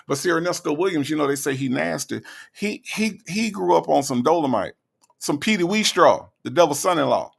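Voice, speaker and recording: Gravelly man doing mocking commentary. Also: a little high, lively intonation. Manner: mocking, sarcastic, drawn-out delivery. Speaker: commentary host. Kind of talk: casual reaction commentary.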